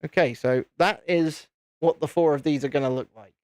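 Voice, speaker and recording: A man's voice: fairly high pitch, moderate pace, darkish tone, no room sound. A British man casually chatting and rambling with jokes while hosting a live building stream. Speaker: livestream host.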